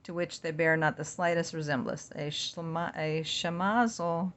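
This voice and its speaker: A woman's voice: deep voice, little pitch movement, moderate pace, fairly bright tone. A woman hosting a podcast, reading entries aloud from a book and adding casual side remarks of her own. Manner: reads entries, then adds chatty side remarks.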